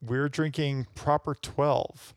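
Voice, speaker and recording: A man's voice: medium pitch, steady tone, takes it slowly, dry recording, clean studio sound. A young man co-hosting a casual podcast, talking in an easygoing, rambling way. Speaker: podcast co-host.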